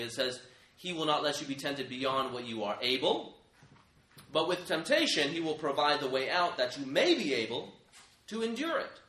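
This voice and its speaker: A man's voice: on the high side, sharp tone. A man preaching a sermon, earnest and emphatic, speaking straight to his listeners as friends. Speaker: pastor. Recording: echoey room.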